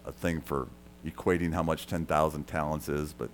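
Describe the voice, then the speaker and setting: A man preaching a sermon, talking straight to the congregation, dropping to a quiet murmur and then rising loud for emphasis. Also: flat delivery, normal speed, a little hiss or hum. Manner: swings from soft and quiet to loud and high for emphasis; conversational, addresses listeners directly. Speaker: pastor.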